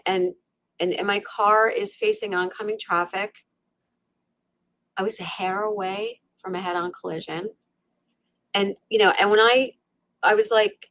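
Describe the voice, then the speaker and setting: A middle-aged woman telling a personal story as an interview guest, animated and full of fillers, acting out her own inner voice. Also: medium pitch, moderate pace, no room sound. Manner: many fillers and restarts like "you know" and "like". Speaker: podcast guest.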